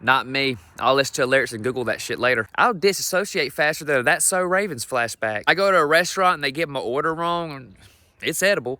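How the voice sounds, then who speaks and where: A man's voice: mid-range voice, expressive, fast, pushed and bright. A young adult man doing brash, profane, self-deprecating stand-up comedy.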